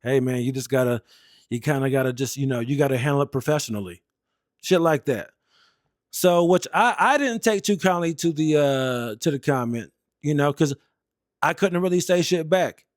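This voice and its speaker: A young American man who served in the Air Force rants through stories in a blunt, heated, and profane casual style. His voice is fairly high, and the studio-quality recording has no room sound.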